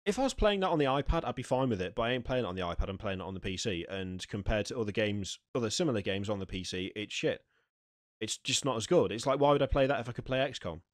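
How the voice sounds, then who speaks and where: A man with a lowish voice hosts a casual podcast, reading headlines aloud and breaking off into sweary asides. The mic is close and dry, with no room sound at all. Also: lively intonation, fast talker, dry recording. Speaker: podcast host. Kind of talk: casual news chat.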